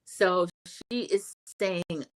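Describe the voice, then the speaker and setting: A middle-aged woman hosting a livestream, casually recapping a reality TV episode and giving her opinions, chatty and animated when she acts out quoted lines. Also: lowish voice, extremely slow, poor audio. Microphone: home streaming setup.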